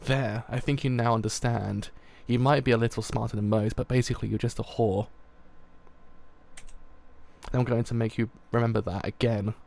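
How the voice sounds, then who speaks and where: A man voicing a menacing, taunting older male army colonel while reading a comic aloud, in a low, soft, gloating tone. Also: fairly even intonation, moderate pace, creaky, natural voice.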